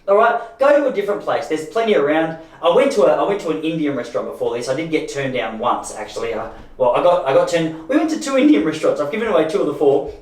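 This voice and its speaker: A man's voice: fairly high pitch, lively intonation, fast, hardly any pauses. Australian male podcast host, 30s, chatty and self-deprecating, roomy distant sound. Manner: rambling and chatty, with frequent restarts and self-deprecating asides. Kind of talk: casual monologue.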